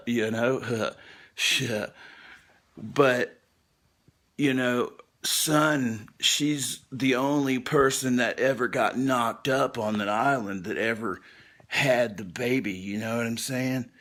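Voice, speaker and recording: A man's voice: medium pitch, slow, a bit bright. A man telling a rambling, profane comic recap in a laid-back way, with laughing asides. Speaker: storyteller.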